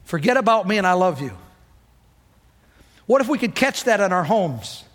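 A man's voice: high voice, big pitch swings, moderate pace, fairly bright tone. A middle-aged man preaching a sermon with emphatic, rousing call-and-response delivery. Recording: long hall reverb.

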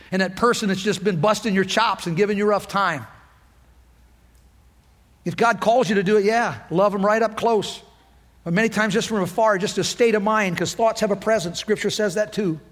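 A man's voice: high-pitched, fairly bright tone. A middle-aged man preaching a sermon with emphatic, rousing call-and-response delivery. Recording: long hall reverb.

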